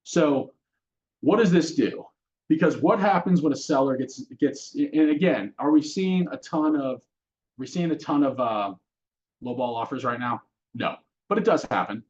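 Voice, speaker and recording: A man's voice: medium pitch, moderate pace, darkish tone, dull audio. A man teaching a real estate course in a casual lecture style, often putting questions to his audience. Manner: conversational, asks the audience questions. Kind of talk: classroom lecture.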